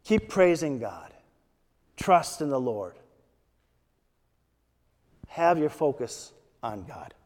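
A man preaching a sermon, slow and measured, reading scripture quotes with emphasis. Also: medium pitch, big pitch swings, darkish tone, long reverb tail.

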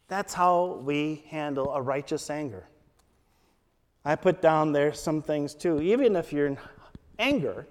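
A man preaching a sermon, slow and measured, reading scripture quotes with emphasis. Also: high-pitched, long reverb tail.

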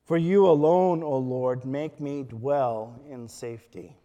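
Slow-preaching pastor in a reverberant hall. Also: male voice, mid-range voice, warm tone, highs cut off. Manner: slow, deliberate preaching with scripture quotations. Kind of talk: sermon.

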